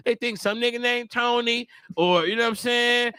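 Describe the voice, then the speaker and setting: A male comedian hosting a live podcast, loud and animated, swearing freely and riffing between jokes. His voice sits high with a bright, sharp edge. The sound is close and dry, with no room echo. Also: moderate pace, clean tone. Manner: animated, profane, jumps into loud put-on voices. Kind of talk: casual live podcast chat.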